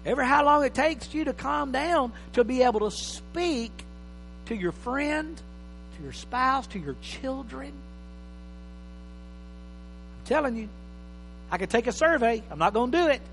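A man preaching a sermon as pastor, emphatic, swinging between loud and soft. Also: extremely high pitch, lively intonation, measured pace, pauses often. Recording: reverberant hall with faint mains hum.

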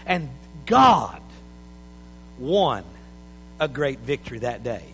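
A man preaching an impassioned sermon in a church, building to shouts. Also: mid-range voice, sing-song, slow, slightly rough, big-room sound, poor audio.

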